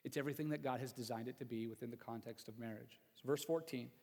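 A man's voice: medium pitch, fairly even intonation, fast talker, gravelly, warm tone, husky, big-room sound. A male pastor preaching a sermon in a chatty, joking way, speaking directly to the congregation. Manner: conversational preaching with jokes and asides to the congregation. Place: church sanctuary.

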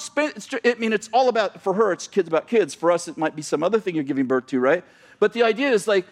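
A man pastor preaching a sermon in a church, animated, swinging between shouting and quiet asides. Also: sits high, fast talker. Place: church sanctuary.

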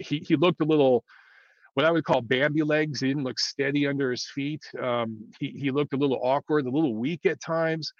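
A man's voice: a little high, moderate pace, dry recording. A man giving blunt, rambling boxing opinions to his viewers, with many fillers and restarts. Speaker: boxing commentator. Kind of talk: casual opinion monologue. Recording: dull lo-fi dry sound.

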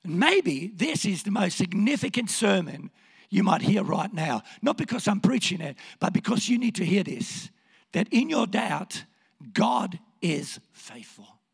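A man preaching in a hoarse, gravelly voice, his pitch high and leaping about as he moves between quiet words and shouts. The long reverb of a church hall hangs behind every line. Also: big pitch swings, unhurried. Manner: impassioned, swings from hushed to shouting. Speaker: pastor. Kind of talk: sermon.

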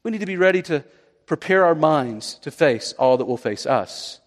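A man's voice: fairly high pitch, lively intonation, moderate pace, big-room sound. A man preaching a sermon in an earnest style, asking many rhetorical questions. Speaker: pastor.

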